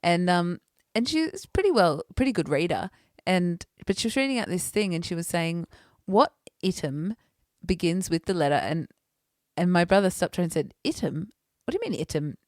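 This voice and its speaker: Woman, podcast co-host, lively swooping pitch, dry close sound. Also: a little fast, no echo. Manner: laughs often while telling stories. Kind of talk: casual chat, storytelling.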